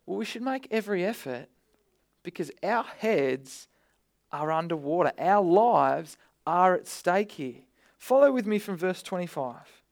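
Gravelly high-voiced preacher man. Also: animated, unhurried. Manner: conversational, bursts of energy, repeats words. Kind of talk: sermon.

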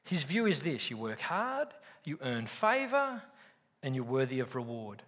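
A man's voice: mid-range voice, big pitch swings, measured pace, a bit bright. A man preaching a sermon to a live congregation, speaking emphatically and asking his listeners questions. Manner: emphatic, asks the audience questions. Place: church service with live audience. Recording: reverberant hall.

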